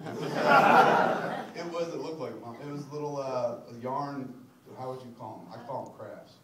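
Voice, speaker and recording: A man's voice: medium pitch, moderate pace, crowd noise. A man in his forties answering audience questions after a screening, swearing freely and telling stories with laughter. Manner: profane, animated, laughing storyteller. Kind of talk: live Q&A talk after a screening. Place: cinema auditorium with audience. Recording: echoey theater from far off with audience noise.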